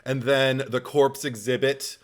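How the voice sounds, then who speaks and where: A man's voice: mid-range voice, flat delivery, measured pace. A man co-hosting a podcast in casual chat, enthusiastic and rambling, swearing freely and laughing often. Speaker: podcast co-host.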